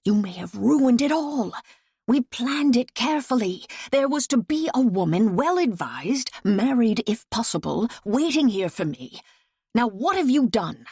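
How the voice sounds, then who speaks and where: A woman reading the part of a grown man in a period romance, speaking low, hushed and measured. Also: very animated, slightly rough, no room sound, studio quality, full character voice. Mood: angry. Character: grown man, tender yet stern and reluctant.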